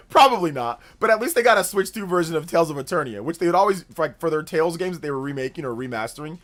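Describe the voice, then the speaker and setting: Young man, casual livestream host, rambling talk, reads chat aloud, animated, filler words. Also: on the high side, fast talker, few pauses. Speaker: streamer host. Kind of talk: casual livestream chat reading viewer comments.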